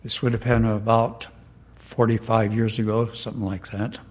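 An older man reading a letter aloud in an earnest, measured way, then telling a personal anecdote. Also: lowish voice, little pitch movement, darkish tone. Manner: slow, earnest, measured delivery. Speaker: storyteller.

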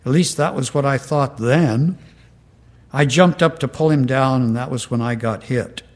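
An older man reading a letter aloud in an earnest, measured way, then telling a personal anecdote. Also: mid-range voice. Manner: slow, earnest, measured delivery. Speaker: storyteller.

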